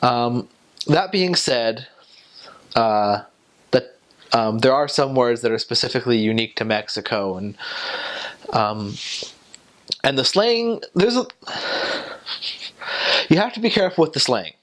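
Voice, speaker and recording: A man's voice: mid-range voice, lively intonation, unhurried, pauses often, a bit bright. A young man talking casually about his time as a missionary, rambling and hesitant, with many fillers and restarts. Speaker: returned missionary.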